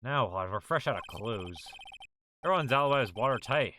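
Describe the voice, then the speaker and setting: A man streaming a video game playthrough, chatting casually, swearing and reacting loudly. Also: medium pitch, expressive, fairly quick, slight background noise. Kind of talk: live game playthrough commentary.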